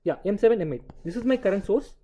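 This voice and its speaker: A man giving an engineering lecture, often pausing to quiz the class with short prompting checks. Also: high voice, lively intonation, warm tone. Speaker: university lecturer.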